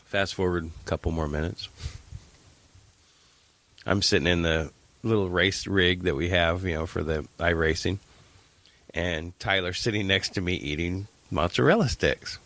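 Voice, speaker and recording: Animated middle-aged man telling stories. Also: low-pitched, moderate pace, pauses often, no room sound. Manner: animated storyteller, acts out quotes. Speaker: podcast co-host. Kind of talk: casual chat.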